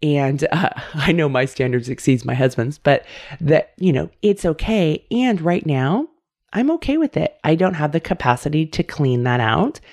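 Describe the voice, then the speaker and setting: A woman's voice: deep voice, lively intonation, normal speed, a little mellow. A middle-aged woman hosting a self-help podcast, talking casually and candidly straight to her listeners. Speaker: podcast host.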